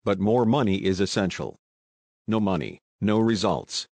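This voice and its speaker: A man's voice: lowish voice, animated, normal speed, a little mellow, no room sound. A man voicing a blunt rebel plotter who demands money, with a rich voice and a curt, insistent manner.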